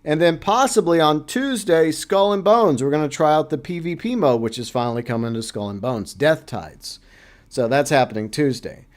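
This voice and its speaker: A man whose voice is a bit high hosts an easygoing livestream at normal speed. Chatty and loose, he reads the chat out loud and drops in playful asides.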